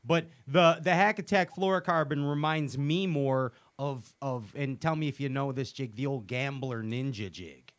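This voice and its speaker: A man's voice: mid-range voice, normal speed, hardly any pauses, muffled recording. A man hosting a casual comedy show, rambling and joking with many fillers and restarts. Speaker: show host.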